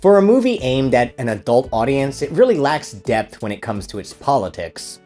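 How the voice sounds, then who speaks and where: A man reads a scripted comedic film review in a middle-pitched voice. His delivery is dry and sarcastic. Faint music runs under his narration. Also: big pitch swings, normal speed, mellow.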